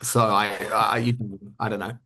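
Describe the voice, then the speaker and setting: Australian man, halting conversational answers. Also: on the low side, flat delivery, sharp tone. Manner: hesitant, repeats words when starting. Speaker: guest speaker.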